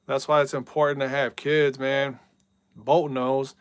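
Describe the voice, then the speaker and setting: Male game streamer, casual and talkative, smooth resonant voice, dry. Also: medium pitch, flat delivery, measured pace, no echo. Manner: chatty, reads out viewer messages, yells at big plays. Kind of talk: casual live-stream chat.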